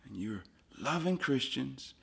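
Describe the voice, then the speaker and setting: A man preaching a sermon as pastor, swinging from hushed lines to loud emphatic ones and repeating phrases for emphasis. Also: medium pitch, lively intonation, unhurried, creaky, slightly rough.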